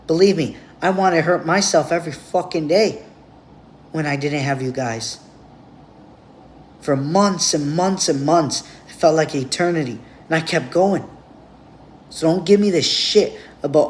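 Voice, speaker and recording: A man's voice: fairly high pitch, measured pace, long pauses, slight background noise. A man giving a blunt, profane, rambling monologue straight to camera as a vlogger.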